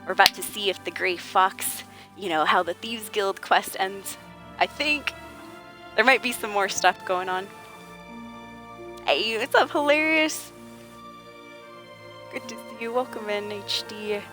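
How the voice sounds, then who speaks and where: A woman game streamer chats casually with viewers over game music, her mid-range voice bright and forceful. She speaks unhurriedly with frequent pauses, greeting people by name and laughing often.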